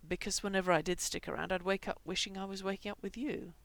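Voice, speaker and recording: A woman voicing a guarded young man who speaks coldly and bursts into loud, forceful shouts. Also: mid-range voice, steady tone, fast, creaky, no echo, natural voice. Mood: hurt. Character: guarded young man, cold then pleading.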